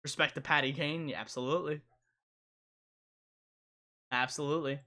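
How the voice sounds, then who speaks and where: A man's voice: a little high, fairly even intonation, normal speed, pushed and bright. A young man hosting a casual live stream, rambling and repeating himself as he answers chat.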